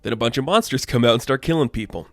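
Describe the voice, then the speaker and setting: A man's voice: mid-range voice, fast talker, no echo. A young man rambles through a comic recap in a loose, sarcastic way, full of "like" and "you know". His voice sits in a middle register and is recorded close and dry. Faint music plays underneath. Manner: rambling, sarcastic, loose paraphrasing with frequent fillers. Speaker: comic book reviewer. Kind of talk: casual comic review.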